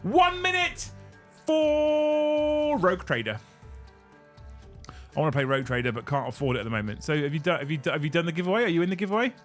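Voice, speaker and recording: A young British man hosting a live stream, excitable and swearing casually as he runs giveaways. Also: a little high, very fast, hardly any pauses, faint music behind. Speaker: livestream host.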